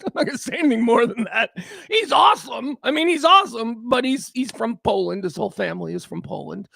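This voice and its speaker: Host, high gravelly voice, rambling wry livestream chatter. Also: male voice, brisk, dry recording. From south side of Chicago. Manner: rambling, wry, animated asides. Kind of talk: casual livestream chat.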